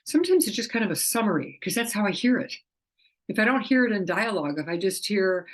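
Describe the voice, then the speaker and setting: A woman's voice: mid-range voice, quick pace. A middle-aged woman explaining her work as an animal communicator in a casual, chatty way, often acting out the quoted dialogue. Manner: chatty, acts out quoted dialogue in lively voices.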